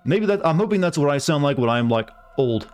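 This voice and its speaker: A man's voice: fairly high pitch, expressive, fairly quick, darkish tone, faint music behind. A man streaming a game, chatting casually and ramblingly with his live viewers and greeting them by name.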